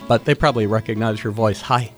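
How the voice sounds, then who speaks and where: A man hosting a radio interview, relaxed and hesitant, with many fillers. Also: fairly low pitch, quick pace, faint music behind. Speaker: radio host. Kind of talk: casual interview wrap-up.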